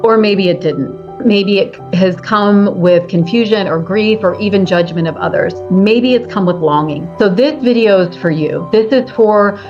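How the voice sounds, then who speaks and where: A middle-aged woman speaking to camera as a body-image coach and author, gentle and earnest, now and then acting out the inner thoughts of her viewers. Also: mid-range voice, moderate pace, hardly any pauses, muffled recording, faint music behind. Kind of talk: talking-head video to camera.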